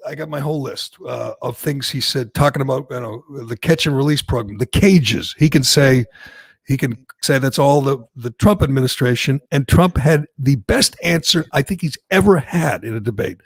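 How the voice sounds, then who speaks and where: Gravelly, opinionated talk show host. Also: male voice, medium pitch, moderate pace, no echo, clean studio sound. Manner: animated, opinionated. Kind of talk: casual political talk.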